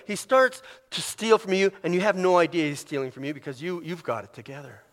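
A male preacher giving a sermon in an animated, conversational way, often acting out inner voices. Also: sits high, fairly quick, few pauses. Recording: long reverb of a large hall.

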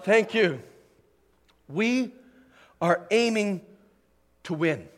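A man's voice: high voice, lively intonation, very slow, big-room sound. A man preaching a sermon as pastor, building to emphatic peaks. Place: church sanctuary.

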